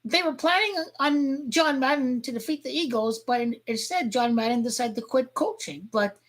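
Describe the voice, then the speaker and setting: Husky-voiced woman ranting about football. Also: high-pitched, moderate pace. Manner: rambling, crude and heated, with sudden shouting outbursts. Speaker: sports fan vlogger. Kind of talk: profane football rant.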